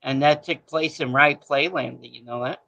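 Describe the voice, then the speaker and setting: A man's voice: a little high, steady tone, moderate pace, vocal fry, sharp tone, rough recording. A man in his fifties calling in as a regular to a sports talk show, rambling and joking in a chatty way. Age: 50s. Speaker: regular caller. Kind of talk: casual call-in chat.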